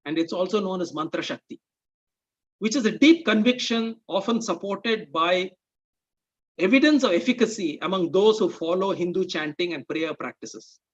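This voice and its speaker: A man presenting an explanatory talk, speaking in a measured way and checking in with "okay?" and "right?". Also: sits high, dull audio.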